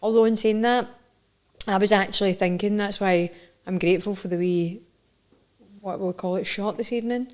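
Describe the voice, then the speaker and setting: Scottish woman, young adult, chatty co-host, teasing, middle pitch. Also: fairly even intonation, normal speed, a little mellow. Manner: chatty, teasing, laughs often. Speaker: podcast co-host. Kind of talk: casual chat.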